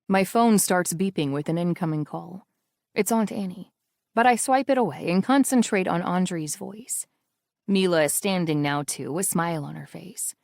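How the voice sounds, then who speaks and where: A woman narrates a first-person audiobook in a close, intimate, emotional way. Her pitch sits mid-range for a woman. The recording is dry, with no room sound. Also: a little mellow, no room sound.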